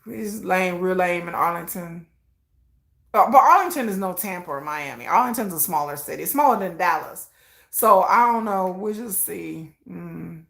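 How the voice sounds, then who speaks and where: A woman from Texas hosting a casual livestream, animated and talking straight to her chat viewers. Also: lowish voice, moderate pace, creaky, roomy sound. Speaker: livestream host.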